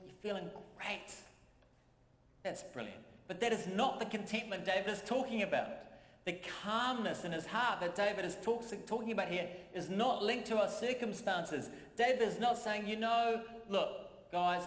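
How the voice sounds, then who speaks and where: A man's voice: high-pitched, fairly bright tone. A man preaching a sermon as pastor, in a conversational way that repeats phrases for emphasis. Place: church. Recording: echoey church hall.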